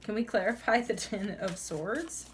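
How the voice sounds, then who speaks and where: A woman's voice: medium pitch, unhurried, slight background noise. A young woman giving a casual tarot reading, chatty and full of "like"s, laughing often and calling the listener "honey". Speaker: tarot reader.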